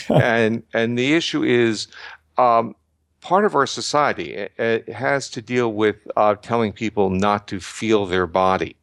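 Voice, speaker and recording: An older man giving measured, lecturing explanations as an interview guest, often restarting his sentences. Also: medium pitch, vocal fry, fairly bright tone, no echo. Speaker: guest researcher.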